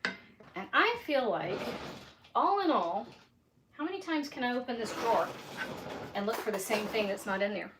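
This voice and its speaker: During a live cooking stream from her home kitchen, a woman chats in a folksy, casual way as she cooks and tastes the food. Her voice sits on the high side with lively intonation, a moderate pace and frequent pauses, over a noisy background.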